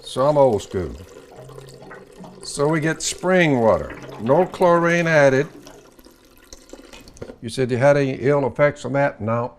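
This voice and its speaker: A man's voice: mid-range voice, expressive, normal speed, slight background noise. An older man, hosting his own show and giving folksy, plainspoken homespun preaching. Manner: drawling, plainspoken, acts out imagined dialogue. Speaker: show host.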